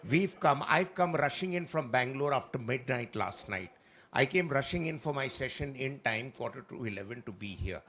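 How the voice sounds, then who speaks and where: A man's voice: mid-range voice, animated, moderate pace, a bit bright. A man moderating a festival panel discussion, blunt and courteous with his guests. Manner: blunt, addresses guests as sir. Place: stage at a literature festival.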